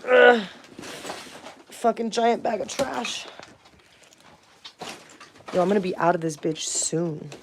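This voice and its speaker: A woman in her thirties livestreams from home at night, ranting bluntly and heatedly with plenty of swearing and cooing baby talk at her dog. Her medium-pitched voice is expressive and slow, with frequent pauses and a faint hiss or hum underneath.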